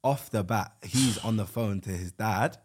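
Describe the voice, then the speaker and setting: Emotional lad telling a story. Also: male voice, on the low side, a little slow, slightly rough. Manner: animated, emotional storyteller, slangy. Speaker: podcast co-host. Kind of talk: casual chat, storytelling.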